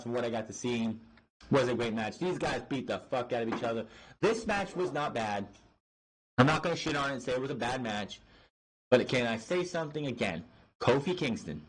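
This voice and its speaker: A man's voice: medium pitch, slightly rough, rough recording. Exasperated, swearing man ranting. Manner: exasperated, profane, rambling with restarts. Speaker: podcast host reviewing wrestling. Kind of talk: ranting review.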